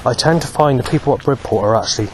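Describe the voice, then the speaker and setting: A man talking alone to camera in a rambling monologue, halting often to search for words. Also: medium pitch, slight background noise. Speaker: vlogger.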